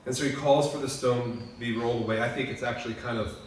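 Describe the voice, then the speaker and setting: A man preaches a memorial sermon in a lodge hall, earnest and heartfelt. He swings from loud, pressing lines down to hushed ones. His voice booms around the echoey room, taken from a distance, with a faint hiss underneath. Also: fairly even intonation, fast talker. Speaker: pastor.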